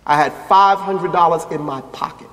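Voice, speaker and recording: Guy, imam, high voice, tells his story in a lecture, acts out voices, big echoey hall. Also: normal speed. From United States. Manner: animated, acts out quoted voices. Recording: echoey hall with long reverb.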